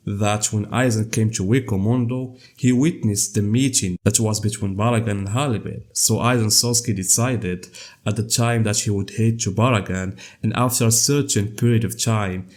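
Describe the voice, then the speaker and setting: A man with a cold and a scratchy voice, hosting an anime lore channel in a measured, scripted explainer narration. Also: on the low side, steady tone.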